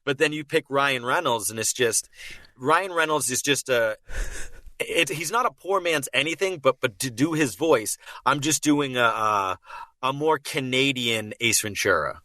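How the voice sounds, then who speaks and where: A man with a Boston accent, a guest on the show, chatting in an animated, rambling way with lots of restarts and quick laughs. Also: mid-range voice, dry recording. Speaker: guest, voice impressionist. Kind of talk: casual chat.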